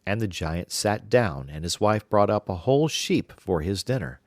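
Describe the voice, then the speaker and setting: A man giving scripted narration of a fairy-tale audiobook in an even, measured way. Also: on the low side, no echo, clean studio sound.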